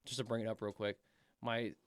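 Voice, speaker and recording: Fast-talking man on a podcast. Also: medium pitch, flat delivery, no echo. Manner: rambling, repeats words, swears casually. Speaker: podcast co-host. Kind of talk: casual podcast chat.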